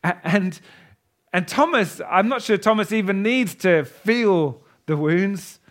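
High-voiced man preaching with passion. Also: lively intonation, takes it slowly. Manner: impassioned, swings between loud emphatic declaring and soft hushed asides. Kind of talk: sermon. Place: church with a congregation.

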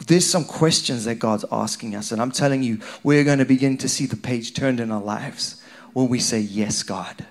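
A man preaching a conversational, animated sermon to a church congregation. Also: moderate pace. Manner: animated, conversational, rising in pitch when stirred.

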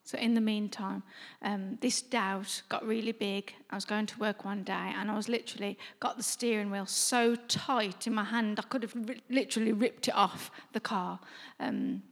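A woman's voice: mid-range voice, fairly even intonation, moderate pace. A middle-aged woman giving an earnest, conversational faith testimony, often restarting her sentences. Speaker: speaker sharing a faith testimony. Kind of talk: personal testimony. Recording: long reverb, as in a hall.

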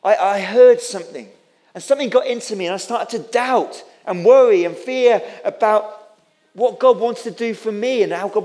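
A male pastor delivering a sermon with a fairly high-pitched voice. He repeats his lines for emphasis and restarts words when he gets worked up, speaking with impassioned conviction. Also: a little mellow. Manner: impassioned, repetitive, with stammered restarts.

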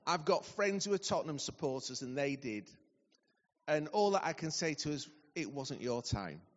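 Animated man preaching in a hall. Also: a little high, normal speed. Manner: animated storytelling, acting out dialogue. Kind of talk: sermon. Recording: dull recording in a large reverberant hall.

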